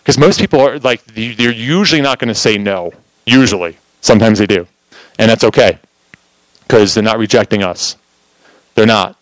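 A man preaching in a casual sermon, telling a testimony in an animated, storytelling way, with lots of "like" fillers. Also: lowish voice, normal speed, long pauses, no echo, rough recording.

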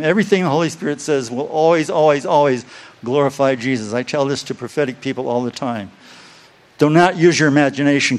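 A man preaching a sermon to his congregation, reading scripture slowly and stressing key phrases by repeating them. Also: mid-range voice. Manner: reads scripture aloud slowly. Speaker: pastor.

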